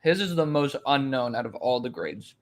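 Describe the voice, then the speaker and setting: A young man co-hosting a casual chat, excitable, laughing often and swearing casually. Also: medium pitch, normal speed. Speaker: co-host.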